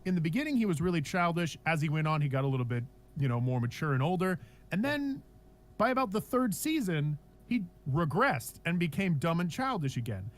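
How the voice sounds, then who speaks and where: A young man with a somewhat high voice rants in a casual chat, swearing freely and picking up steam as he goes. He talks in restless bursts and keeps cutting off his own sentences to start again. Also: brisk. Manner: profane, animated ranting with frequent restarts. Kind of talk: casual ranting commentary.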